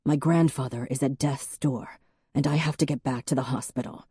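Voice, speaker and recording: A man's voice: medium pitch, steady tone, normal speed, mellow, breathy edge, dry recording, studio quality. A woman reading an audiobook, voicing a blunt young man who speaks in cold, clipped anger.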